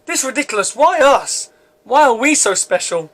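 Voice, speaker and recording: A man's voice: very high-pitched, expressive, moderate pace, a bit bright, exaggerated voice. A man reading a skeptical young man's lines, with stumbles and restarts.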